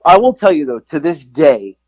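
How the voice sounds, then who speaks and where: Man, forties, podcast co-host, rambling, profane, self-mocking, slightly high voice, dry close sound. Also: sing-song, normal speed, a little mellow, dry recording, highs cut off. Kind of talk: casual storytelling.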